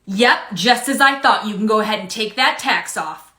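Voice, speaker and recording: A woman's voice: medium pitch, lively intonation, moderate pace, pushed and bright. A woman playing an entitled, condescending customer in a comedy skit, demanding and indignant. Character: entitled rude middle-aged woman customer. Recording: roomy echo.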